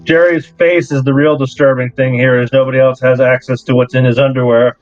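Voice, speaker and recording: A man's voice: mid-range voice, level tone, brisk. A man running a tabletop game as game master, wry and exasperated. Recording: dull lo-fi recording with faint music.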